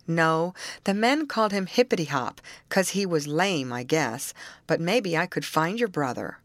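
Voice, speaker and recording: A woman reading an audiobook puts on a simple-minded young man who steers the boat through the dark. He talks in an artless, cheerful way, in a lower register, and the recording is dry and close. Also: expressive, measured pace, no echo.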